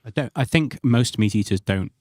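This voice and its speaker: A man's voice: medium pitch, normal speed, darkish tone, a little hiss or hum. A man co-hosting a live singing stream, making dry quips and laughing. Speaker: singer and co-host.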